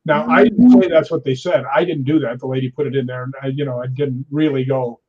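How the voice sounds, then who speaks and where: A man in his sixties, a stunt performer, telling anecdotes in a lively way, laughing often and acting out other people's lines. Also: mid-range voice, fast talker, husky. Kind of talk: anecdotal storytelling. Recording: dull lo-fi recording.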